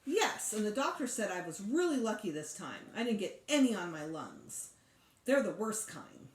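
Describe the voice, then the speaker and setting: A woman's voice: big pitch swings, moderate pace, slight background noise, lightly acted. A woman voicing a fussy, boastful young girl who complains and exaggerates, read aloud from a storybook. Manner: complaining, exaggerating, high-strung. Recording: echoey room.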